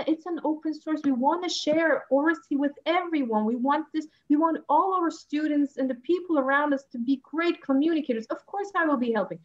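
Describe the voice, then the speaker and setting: A woman gives an animated webinar presentation, her voice pitched high and full of feeling. She addresses her audience warmly and takes questions. The sound comes through a computer mic and is dull and lo-fi. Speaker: teacher trainer presenting at an online education conference.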